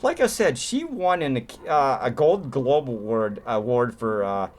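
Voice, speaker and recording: A man's voice: mid-range voice, expressive, measured pace. A man in the middle of his range rambles through a casual movie review at home, full of fillers and restarts. He talks with eager, easygoing enthusiasm, dropping "man" at the ends of his sentences. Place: home room.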